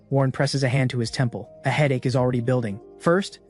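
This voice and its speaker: A man's voice: mid-range voice, steady tone, a little fast, hardly any pauses, darkish tone. Male recap narrator, mid-range voice, scripted storytelling. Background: faint background music.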